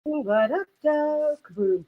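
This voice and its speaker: A woman's voice: high-pitched, expressive, slow, phone-quality sound, heavy background noise. A woman hosting a casual boxing chat livestream, bantering and laughing as she talks. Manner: chatty, laughing, swearing banter. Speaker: host.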